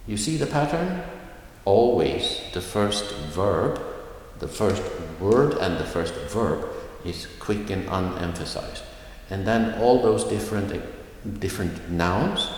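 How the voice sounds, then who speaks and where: A Swedish man teaching a language lesson, slowly modeling phrases with clear stress. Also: lowish voice, big pitch swings. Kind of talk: recorded video lesson. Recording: echoey room with long reverb.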